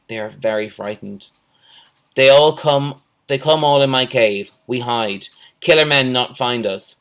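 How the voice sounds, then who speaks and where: A man's voice: mid-range voice, a bit bright, natural voice. A man reading a storybook aloud, voicing an old, wary male island hermit who speaks in clipped, broken English. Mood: grim. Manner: clipped broken English, plain short phrases.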